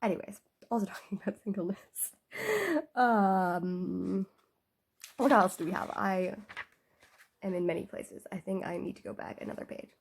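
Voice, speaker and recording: A woman talking casually in a book vlog, husky and sick with a cough, rambling with many "like" fillers. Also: mid-range voice, normal speed. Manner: rambling, full of "like" fillers, animated rants. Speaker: book vlogger. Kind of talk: casual chat. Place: indoors at home.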